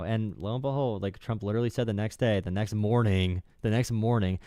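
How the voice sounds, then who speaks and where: A man's voice: lowish voice, fairly quick, warm tone, no echo, studio quality. A man hosting a casual political talk show, heated and sarcastic, often slipping into mocking voices. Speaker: host.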